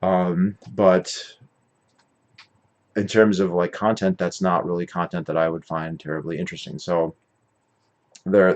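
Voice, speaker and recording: Hosting his own podcast, a man recaps an event in a rambling, opinionated monologue, frequently correcting himself mid-sentence. His voice is deep, and the recording has its highs cut off.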